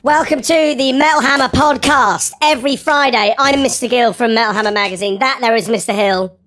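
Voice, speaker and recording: A man hosting a podcast in a put-on high-pitched voice, chatty and laughing often. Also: very animated, moderate pace, soft background music. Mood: cheerful. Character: high-voiced grown man, goofy mock news presenter. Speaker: podcast host.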